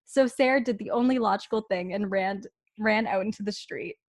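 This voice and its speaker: A woman's voice: medium pitch, brisk. A woman co-hosting a podcast, reading fan fiction aloud in a playful way and breaking into laughter now and then. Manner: playful, laughs often, acts out the dialogue. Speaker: podcast co-host.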